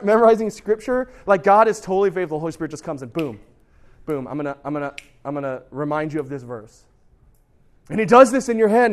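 A man teaching a youth group about Scripture in a casual, animated way, often putting questions to his listeners. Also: high voice. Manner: animated, acts out quoted voices; conversational, asks the listeners questions.

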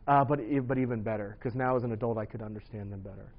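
A man's voice: on the low side, quick pace, dull audio. A man in his thirties giving an earnest, conversational personal testimony. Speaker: speaker sharing his testimony.

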